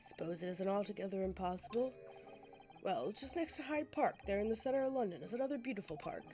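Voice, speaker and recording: Casting: woman putting on a showy rich Victorian gent, deep put-on voice, hoarse, breezy and self-important. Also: lively intonation, fast, mellow, soft background music, close to an everyday voice. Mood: boastful. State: ill, hoarse. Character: wealthy boastful Irish-accented man in Victorian London.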